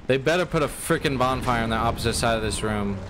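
A young man giving excitable gameplay commentary as a let's play gamer, often breaking into exclamations, on a USB desktop microphone. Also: mid-range voice, fast, background noise.

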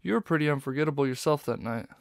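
A man voicing a charming male raccoon master thief in a storybook, talking smoothly and teasingly. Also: on the high side, very fast, no echo, clean studio sound.

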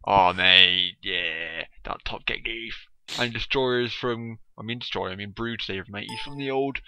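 A man's voice: on the low side, unhurried, noisy background. A man chatting casually and teasingly while playing a video game with a friend, swearing freely. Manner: banter-heavy, swearing, teasing. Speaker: gamer. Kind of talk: casual gaming chat.

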